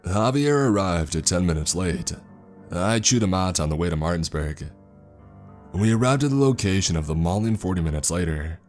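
Deep-voiced male horror story narrator. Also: animated, moderate pace, darkish tone, soft background music.

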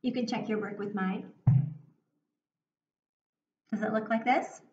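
A woman teaching a recorded reading lesson for young children, speaking slowly and clearly, encouraging them and pausing for their answers. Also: medium pitch, steady tone, darkish tone. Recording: echoey room, dull sound, faint hiss.

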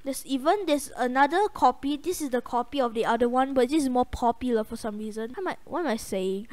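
A young woman hosting a gaming channel, giving casual, excitable gameplay commentary with a voice going hoarse. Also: sits high, a little fast, few pauses. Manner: excitable, yelps and trash-talks the game.

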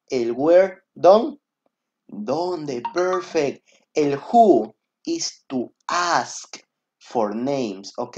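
Slow, lively male teacher, muffled audio. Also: on the high side. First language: Spanish. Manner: explains step by step, asks "ok?" often; repeats each point in Spanish. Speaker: English teacher. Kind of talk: online grammar lesson. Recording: dull, muffled recording.

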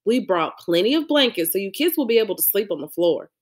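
A woman's voice: medium pitch, big pitch swings, fast, lightly acted. A woman reading an audiobook, voicing a mother who reads out a careful family trip plan in an orderly way. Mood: instructive. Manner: methodical, orderly.

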